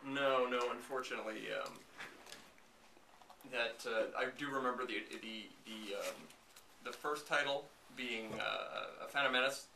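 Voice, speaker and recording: A man's voice: mid-range voice, unhurried, pushed and bright, recorded from a distance. A man hosting a casual, snarky chat about movies, rambling with many fillers. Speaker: podcast host. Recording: echoey room, off-mic, faint noise.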